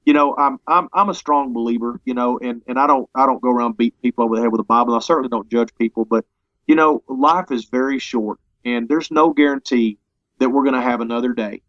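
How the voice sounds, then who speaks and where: A man talking as an interview guest in a casual conversation. He sounds earnest and halting, often restarting his sentences. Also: mid-range voice, no echo, muffled recording. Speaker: interview guest, parody songwriter.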